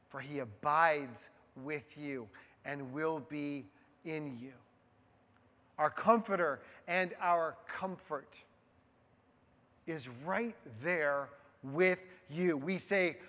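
A man preaching a sermon to a group of men in a conversational way, swinging between hushed low asides and loud, emphatic stresses. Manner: conversational, addresses the men in the room. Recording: long hall reverb.

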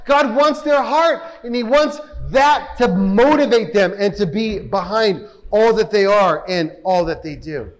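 High-voiced preacher in an echoing hall. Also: male voice, animated, measured pace, few pauses. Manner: emphatic, rhetorical questions, reads scripture aloud. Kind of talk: sermon.

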